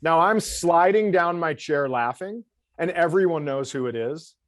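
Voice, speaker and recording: A middle-aged comedian appearing as a guest tells a story dryly in casual chat, acting out the other people in it. His voice is a little high, bright, and expressive, and he takes his time, in a dry recording.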